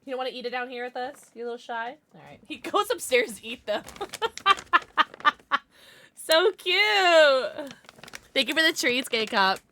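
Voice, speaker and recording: A woman's voice: high-pitched, lively intonation, moderate pace, pauses often, bright, forceful tone. A woman streaming live, chatting casually with viewers and cooing over her pets. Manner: bubbly, coos over her pets, laughs often. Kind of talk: casual livestream chat.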